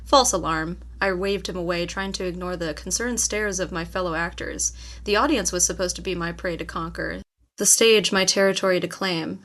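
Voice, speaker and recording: A woman's voice: fairly low pitch, normal speed. A woman narrating a first-person novel as an audiobook, telling it expressively. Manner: expressive storytelling with acted quotes.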